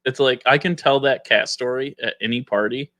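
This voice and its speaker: Bright-voiced man telling rambling stories. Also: medium pitch, moderate pace, dry recording. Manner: rambling, full of "like" and restarts. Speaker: podcast guest. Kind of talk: casual storytelling.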